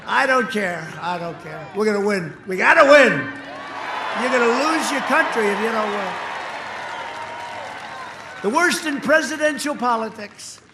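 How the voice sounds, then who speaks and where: A man giving a boastful, mocking campaign rally speech from a podium microphone, repeating lines and shouting them out to the crowd. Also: very high voice, expressive, a little slow, pauses often. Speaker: candidate speaking at a campaign rally. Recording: echoey sound system with crowd noise.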